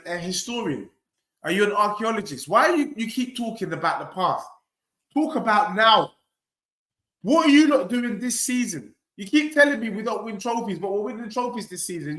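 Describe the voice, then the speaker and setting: Young guy hosting a football watchalong, bright tone, cocky banter w chat. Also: high voice. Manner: cocky, trash-talking, addresses chat directly. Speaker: host of a football watchalong stream. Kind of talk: live stream banter reading chat.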